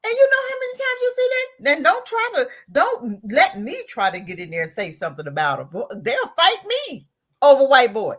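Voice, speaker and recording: A woman hosts a casual talk radio show, animated and mocking, with frequent laughter between her points. Her voice sits fairly high and swoops widely up and down. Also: normal speed. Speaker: host.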